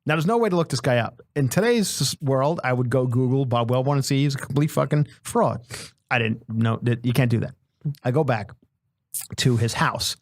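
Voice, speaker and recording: A man hosting a comedy podcast, telling a long story in an animated, self-mocking way that often repeats itself. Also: medium pitch, normal speed, no room sound. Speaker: podcast host.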